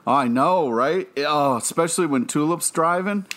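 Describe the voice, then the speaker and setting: A man's voice: fairly high pitch, normal speed, a bit bright. Enthusiastic man co-hosting a chat. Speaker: podcast co-host. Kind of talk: casual chat.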